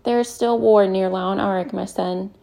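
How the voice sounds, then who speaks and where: A woman's voice: mid-range voice, steady tone, moderate pace, vocal fry, dark tone, lightly acted. A woman voicing a frail, loving old father. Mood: solemn. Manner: earnest, tender. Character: sick, frail older father, loving, hopeful.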